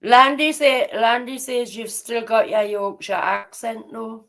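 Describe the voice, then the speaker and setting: Geordie woman on a stream, bit high voice, teasing and nosy, says hi to viewers. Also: fairly even intonation, measured pace, a bit bright. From Newcastle, England. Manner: teasing, inquisitive, greets viewers. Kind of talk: casual live-stream chat.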